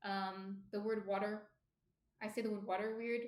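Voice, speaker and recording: A woman's voice: mid-range voice, little pitch movement, moderate pace. Chatty New Jersey woman, echoey room. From New Jersey, USA. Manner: chatty, answers viewer comments. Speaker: baking livestream host. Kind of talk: casual live-stream chat.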